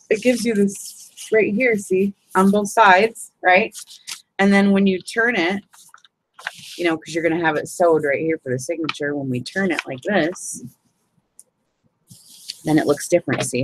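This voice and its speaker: A woman's voice: on the low side, slight background noise, low-quality recording. A woman hosting a casual live crafting hangout, chatting as she shows paper folds and greets viewers. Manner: chatty, fills with "you know what I mean". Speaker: crafting group host.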